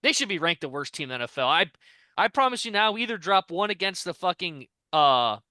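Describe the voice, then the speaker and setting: A man's voice: high voice, very animated, quick pace, bright, forceful tone, clean tone, no room sound. Guy from ohio cussing up a storm about his team, dry close mic. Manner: profane, frustrated ranting. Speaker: co-host. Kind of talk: casual podcast rant.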